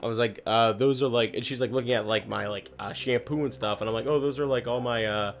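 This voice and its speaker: A man's voice: mid-range voice, steady tone, fast talker. Guy rambling a story mid-game, tons of "like", swears a lot, faint music behind. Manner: rambling, full of "like" fillers, swears freely. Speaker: gaming video host. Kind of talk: casual storytelling while playing a game.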